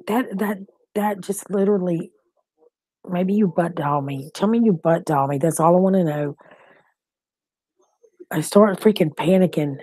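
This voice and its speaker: A middle-aged woman whose lowish voice spills out in anxious, repetitive rambling. She hosts a casual live-stream chat from home. The sound is close and dry. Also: measured pace, long pauses, mellow, no echo, low-quality recording. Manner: anxious, rambling, repeats herself. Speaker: host.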